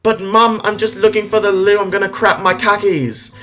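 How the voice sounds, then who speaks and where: A man voicing a whiny young boy wizard in a shrill, squeaky voice with drawn-out exclamations. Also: flat delivery, sharp tone, soft background music. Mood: whining.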